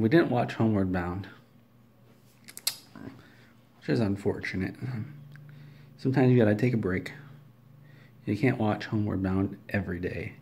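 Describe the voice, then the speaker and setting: A man with a low, gravelly voice tells an absurd comic story. He rambles and drifts off on tangents, and he keeps a flat, matter-of-fact delivery the whole way through.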